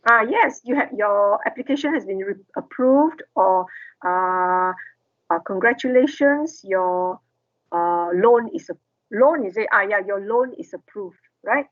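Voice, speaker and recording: A woman's voice: mid-range voice, lively intonation, measured pace, dry recording, dull audio. A woman lecturer, explaining step by step and asking the class questions.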